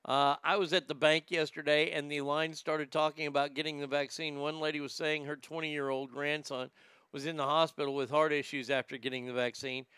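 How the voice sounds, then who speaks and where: Man, comedian host, profane ranting, highish voice, crisp. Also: level tone, a little fast, bright, forceful tone, no room sound, clean studio sound. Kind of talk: livestream chat reading and ranting.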